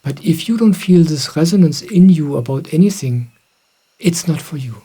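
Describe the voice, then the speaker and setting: A middle-aged man, a spiritual teacher, calmly answering questions in a gentle, reflective way. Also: fairly high pitch, moderate pace, husky. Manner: gentle, reflective, soft-spoken. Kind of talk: calm satsang answering questions.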